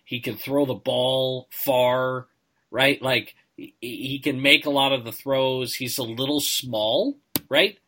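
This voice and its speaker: A man's voice: medium pitch, slow, bright, forceful tone. A man with a nasal voice co-hosting a sports podcast, analytical and hedging, often tagging "right?". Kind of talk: casual chat.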